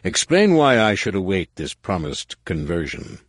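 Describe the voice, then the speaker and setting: A man voicing a stern, menacing alien male war master with a rasping, growling delivery. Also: sits low, big pitch swings, normal speed, no echo, studio quality, exaggerated voice. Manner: curt, threatening.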